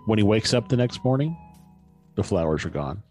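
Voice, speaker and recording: A man's voice: on the low side, very animated, moderate pace, a little mellow, soft background music. A man on a podcast casually retelling a story in a rambling way, with many fillers and restarts.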